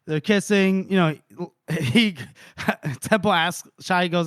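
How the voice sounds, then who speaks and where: Male podcast co-host, fairly high, dry mic; chatty recap that slips into brief put-on voices, laughs a lot. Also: fairly bright tone, clean tone, dry recording. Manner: retells scenes with quick put-on voices, laughs often. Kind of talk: casual book-club recap.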